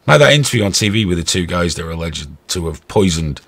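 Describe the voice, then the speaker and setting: A man's voice: low-pitched, expressive, fast, few pauses. A middle-aged English man hosting a show, giving a blunt, sarcastic, heavily sworn rant about the news. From England. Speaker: show host. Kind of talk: ranting commentary.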